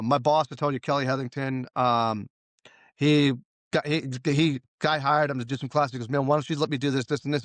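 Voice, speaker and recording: A man's voice: mid-range voice, fairly bright tone, dry recording. Male guest, consultant type, chatty storyteller voice, dry studio. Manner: storytelling, acts out quoted dialogue. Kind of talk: casual interview talk.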